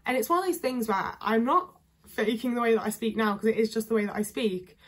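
A woman's voice: fairly high pitch, fairly quick, breathy edge. Chatty young woman, northern english accent. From England. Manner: chatty, lots of fillers, candid. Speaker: vlogger. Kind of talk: casual talking-head chat.

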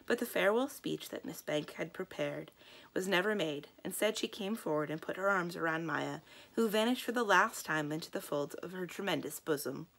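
A woman librarian reading a children's book aloud in a calm, expressive storytelling manner. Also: lowish voice, normal speed, vocal fry.

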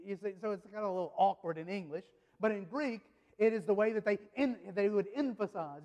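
Pastor, male, high voice, chatty sermon delivery, lots of restarts, live church reverb. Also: a little mellow. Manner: conversational, repeats words and restarts, speaks directly to the congregation. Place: church sanctuary.

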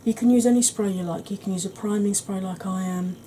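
A woman explaining her makeup steps in a soft, chatty ASMR tutorial, often clearing her throat. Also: mid-range voice, fairly even intonation, fairly quick, slight background noise, poor audio. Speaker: beauty vlogger.

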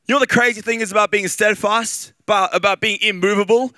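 Man, Australian accent, preacher, bright voice, conversational sermon, close dry sound. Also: high voice, fast, few pauses, no room sound. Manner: animated, conversational preaching with fillers and repeated phrases.

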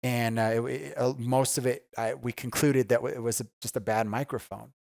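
A pastor giving a conversational, earnest sermon, often asking "right?" and repeating key phrases for emphasis. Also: male voice, medium pitch, fairly even intonation, normal speed, vocal fry, darkish tone, dry recording, studio quality.

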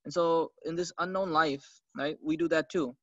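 A man's voice: fairly high pitch, fairly even intonation, normal speed, dry recording. A man teaching a religious lecture in a conversational way, often checking in with rhetorical questions. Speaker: Islamic teacher. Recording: dull, slightly lo-fi dry recording.

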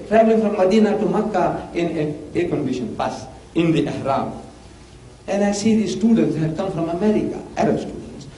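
A man's voice: sits high, mellow. An older man, giving an emphatic public lecture full of rhetorical questions. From South Africa. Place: mosque hall. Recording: echoey hall from far off, faint hiss.

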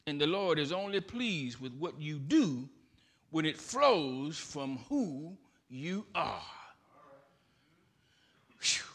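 A man preaching a sermon in church, building from quiet, deliberate phrases to shouted, emphatic lines. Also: on the high side, very animated, husky. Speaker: pastor.

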